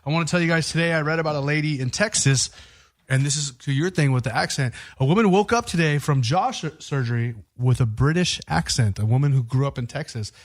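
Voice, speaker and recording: A brash man co-hosting a studio podcast, talking at a rapid clip in a slightly higher register than most men. He jokes around and swears freely in loose, casual chat. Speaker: podcast co-host.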